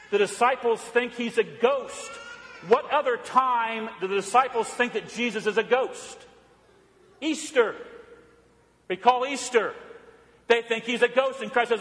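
Male pastor, high voice, sermon delivery, reverberant hall. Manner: emphatic preaching, drops to quiet low tones for weight.

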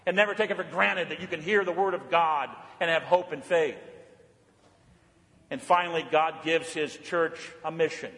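A man preaching a sermon as pastor, swinging between loud emphatic lines and soft, hushed ones. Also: a little high, normal speed, big-room sound.

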